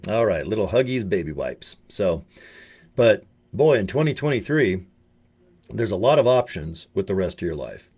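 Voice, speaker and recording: A man's voice: lowish voice, big pitch swings, moderate pace, a little mellow, breathy edge. An older man from the US giving a rambling, joking casual monologue as a video presenter, full of slang and asides. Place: home in Utah.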